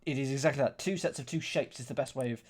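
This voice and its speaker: A man's voice: medium pitch, fast. Man thinking aloud over a puzzle game. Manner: thinks aloud, counts squares under his breath. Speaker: gaming streamer. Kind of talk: casual puzzle-game commentary.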